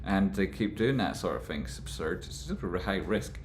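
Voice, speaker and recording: A man rambling through casual stock market commentary, with animated, exasperated rants. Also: sits low, moderate pace, roomy sound, a little hiss or hum.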